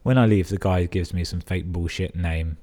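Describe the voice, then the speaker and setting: Hosting his podcast, a young Englishman reads listener emails aloud and cuts in with sarcastic, sweary commentary. His voice sits low with a dark tone, and he speaks at a normal speed.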